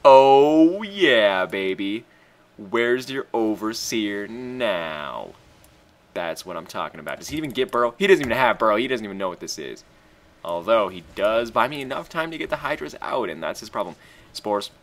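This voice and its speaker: Excitable man with a bright, forceful voice. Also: lowish voice, moderate pace. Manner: excitable, profane, bursts into loud shouts. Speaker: gamer commentating his own match. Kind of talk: casual strategy game commentary.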